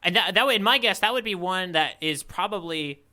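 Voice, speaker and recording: A man's voice: sits high, lively intonation, a little fast, pushed and bright. A man co-hosting a podcast, musing aloud in casual chat, trailing off and restarting his thoughts. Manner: rambling, self-interrupting, musing aloud. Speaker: podcast co-host.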